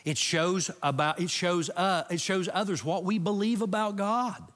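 A man's voice: high-pitched, moderate pace, a bit bright. A middle-aged man, a pastor, preaching a sermon with a story and then leading an earnest prayer. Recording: long hall reverb.

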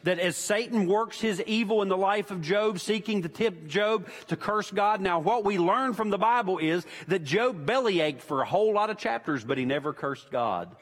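A man's voice: high voice, animated, moderate pace, few pauses. A man preaching a sermon as pastor, emphatic and repeating his key points for weight. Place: church sanctuary. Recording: long church-hall reverb.

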